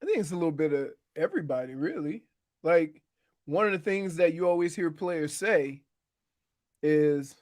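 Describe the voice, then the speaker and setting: A man's voice: on the high side, lively intonation, moderate pace. A man co-hosting a sports radio show, making his points in a wry, explanatory way. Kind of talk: casual sports radio banter.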